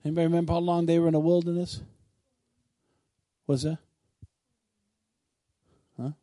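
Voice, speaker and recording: A man's voice: fairly high pitch, level tone, normal speed, no echo. Man preaching with a bold, rising voice. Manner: swings from bold shouted declarations to quiet conversational asides. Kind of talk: sermon.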